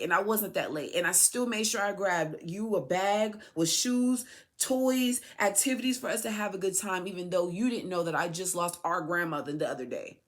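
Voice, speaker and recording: A podcast host speaks as a mother to her son in an emotional personal monologue, her mid-range voice fairly bright in tone. She sounds aggrieved and pleading, repeating herself for emphasis.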